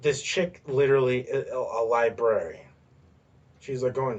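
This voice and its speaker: On his solo podcast, a male host rants in rambling commentary packed with swearing and filler words. His voice is medium-pitched and slightly rough, at a moderate pace.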